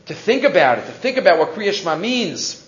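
A man giving a Torah class as a rabbi, an animated storyteller who weaves Hebrew quotes into his English. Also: high voice, a little fast. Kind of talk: weekly Torah portion lecture. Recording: roomy, dull lo-fi recording.

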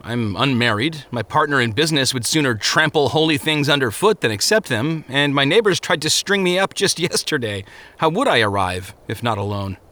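A man's voice: mid-range voice, animated, moderate pace, bright, forceful tone. A man voicing a weary, shaken male pilgrim in an audiobook drama, speaking earnestly. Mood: wry. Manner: earnest, anguished.

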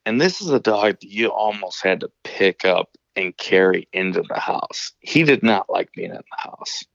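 Gravelly low-voiced man telling a story. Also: lively intonation, normal speed, a bit bright, no room sound, highs cut off. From Illinois. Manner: rambling, profane, many restarts. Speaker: caller telling stories. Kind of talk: casual storytelling.

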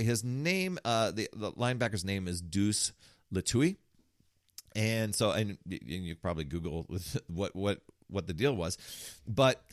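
Animated man hosting a motivational podcast. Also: fairly low pitch, no room sound, clean studio sound. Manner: storytelling, animated, restarts often. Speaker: podcast host. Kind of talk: casual motivational podcast monologue.

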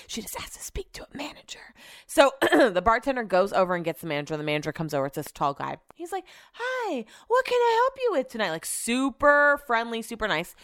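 A woman's voice: medium pitch, no echo. Woman telling a profane story, dry sound. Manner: animated, profane, acts out quotes. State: clearing her throat. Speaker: podcast host. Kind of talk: casual storytelling.

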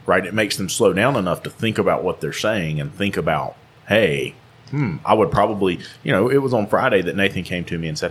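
A deep, slightly husky man with a melodic Southern twang, co-hosting a live podcast. He tells stories with lots of pitch swing and bounces into the voices of the people he quotes. He sounds relaxed and chatty. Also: brisk. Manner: animated storyteller acting out quoted voices. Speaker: podcast co-host and shop owner. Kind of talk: casual live podcast chat. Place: live at a trade conference.

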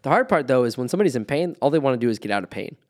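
A man's voice: medium pitch, sing-song, racing. A man who works in movement therapy, explaining an assessment framework in a methodical, step-by-step way. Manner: methodical, lists terms step by step. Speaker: movement practitioner. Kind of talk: conversational explanation.

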